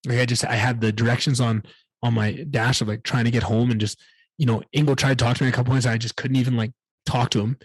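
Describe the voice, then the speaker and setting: A man's voice: mid-range voice, level tone, fast, breathy edge, no echo. A man hosting a solo podcast, telling a candid personal story in a rambling way and swearing often. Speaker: podcast host.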